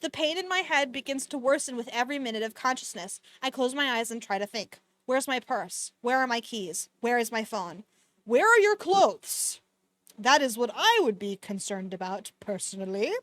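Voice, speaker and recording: High-voiced woman streamer reading a novel aloud. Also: brisk, few pauses, fairly bright tone. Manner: sarcastic asides, swearing between read passages. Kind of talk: casual book reading with commentary. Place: home streaming setup.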